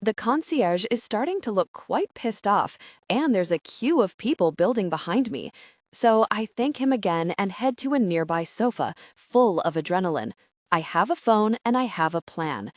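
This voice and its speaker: A woman narrating a romantic comedy audiobook in the first person, expressive and wry. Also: medium pitch, moderate pace, dry recording, studio quality. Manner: expressive, wry, animated storytelling.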